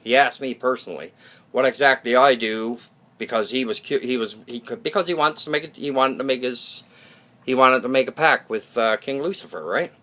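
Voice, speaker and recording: A man of ordinary pitch gives a loose, unscripted talk to his viewers. He is blunt and opinionated and swears now and then. He rambles, restarts his sentences and keeps asking "okay?" to check in. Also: fairly quick, sharp tone. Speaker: YouTube channel host. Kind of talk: casual unscripted monologue.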